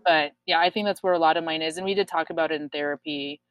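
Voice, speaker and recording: A woman's voice: low-pitched, fairly even intonation, quick pace, smooth, dry recording, dull audio. A woman in her twenties, telling her own story frankly in a casual chat, swearing often and using many fillers. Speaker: guest sharing her story.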